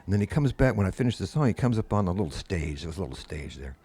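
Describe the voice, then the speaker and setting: A man's voice: deep voice, very fast, husky. An older man, a guest musician, telling long anecdotes in casual conversation and acting out the people he quotes. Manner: anecdotal, animated quoted voices. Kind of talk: casual storytelling.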